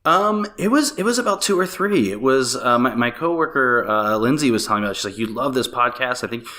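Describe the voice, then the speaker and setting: A man talking as a guest on a business podcast, animated and casual, with many fillers and restarts. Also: medium pitch, quick pace. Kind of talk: casual interview chat.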